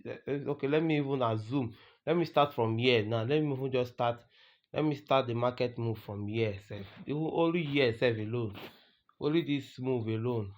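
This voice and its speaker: A man giving a trading lesson over a screen recording. He is emphatic, repeats his points and keeps asking rhetorical questions. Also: medium pitch. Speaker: trading tutor. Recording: dull lo-fi recording with faint noise.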